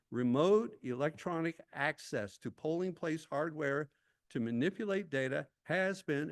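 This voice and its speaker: A man's voice: on the high side, vocal fry. A man giving an intense, prepared public comment at a town hall meeting, reading his remarks with occasional asides.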